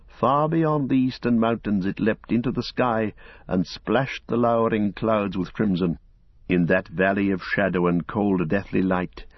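A man reading a story aloud as an audiobook narrator, in a measured, dramatic storytelling manner. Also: on the low side, dry recording. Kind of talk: scripted narration. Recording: dull lo-fi recording.

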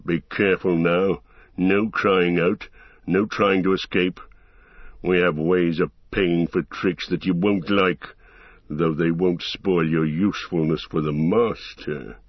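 A man's voice: deep voice, fairly even intonation, slow, no echo. A man voicing a brutal, commanding orc captain who growls out orders, in a dull, muffled recording. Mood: menacing.

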